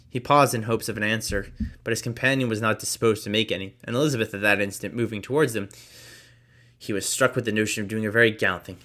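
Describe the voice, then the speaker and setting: A man reading a classic novel aloud, briskly, with casual asides. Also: lowish voice, sharp tone. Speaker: reader.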